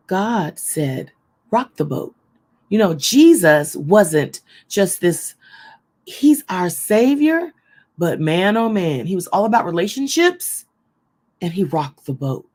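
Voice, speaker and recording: A middle-aged woman who talks loud and fast, blunt and forthright as she preaches her point. Her voice sits fairly low, yet her pitch swings widely from one phrase to the next. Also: breathy edge. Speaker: host. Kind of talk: casual faith talk, preaching to camera.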